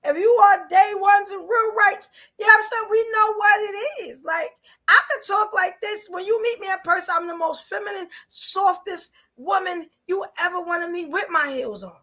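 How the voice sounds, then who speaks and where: A woman's voice: extremely high pitch, moderate pace, rough recording. A woman host with a Brooklyn accent, reacting and chatting bluntly to her audience. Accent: New York. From Brooklyn, New York. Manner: animated, laughing, blunt. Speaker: podcast host. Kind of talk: casual reaction commentary.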